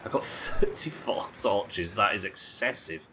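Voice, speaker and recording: A man commentating his own live game stream, excitable, swearing and talking to his chat. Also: on the low side, a little slow, background noise.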